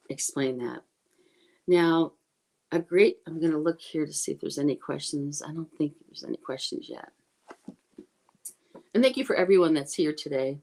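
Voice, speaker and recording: A woman sharing an informal online dharma talk on a teacher's life, earnest and apologetic, pausing to chant a refuge prayer slowly. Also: low voice, mellow, poor audio. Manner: earnest, apologetic, self-correcting.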